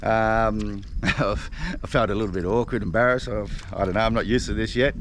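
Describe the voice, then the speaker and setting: This Australian man speaks in a lowish, steady voice at a moderate pace while vlogging from his fishing boat on a river. He tells a meandering, self-mocking story to camera, laughing often, over slight background noise.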